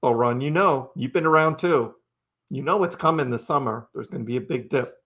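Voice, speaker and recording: A man's voice: medium pitch, a little fast, fairly bright tone. A man hosting a casual crypto live stream, chatting loosely, laughing often and answering viewers by name. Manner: chatty and laid-back, laughs often, talks to chat by name.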